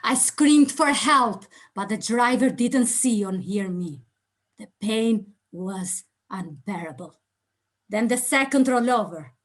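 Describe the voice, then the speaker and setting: A middle-aged woman giving a motivational contest speech, telling her story theatrically and swinging between hushed lines and loud cries. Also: medium pitch, expressive, slow. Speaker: speaking contest speaker.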